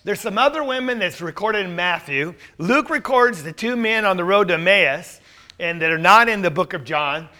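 A man's voice: high-pitched, animated, moderate pace, pushed and bright. A man teaching a Bible class in a conversational way, asking the group rhetorical questions.

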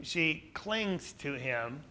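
Animated, bright-voiced male preacher. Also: on the high side, very slow, slight background noise. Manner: asks the listeners questions and answers them; emphatic, rises to louder emphasis. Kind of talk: sermon.

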